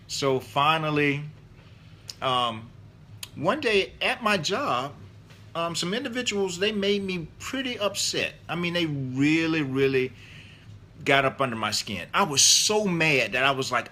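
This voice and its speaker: Middle-aged guy, author, chatty and rambly, lots of ums, bright forceful voice. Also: fairly high pitch, animated, moderate pace. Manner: rambling, many fillers and restarts. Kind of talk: casual interview answers.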